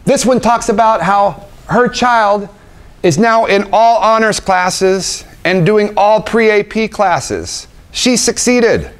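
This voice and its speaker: A man's voice: sits high, lively intonation, slow. A man, an obstetrician, giving an emphatic motivational talk to a room of young parents, full of rhetorical questions and repetition. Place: conference room with audience.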